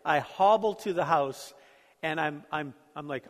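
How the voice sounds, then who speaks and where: A middle-aged pastor delivers a sermon conversationally, telling stories and poking fun at his own life. His voice is a little high and a bit bright, unhurried, with long hall reverb on the recording.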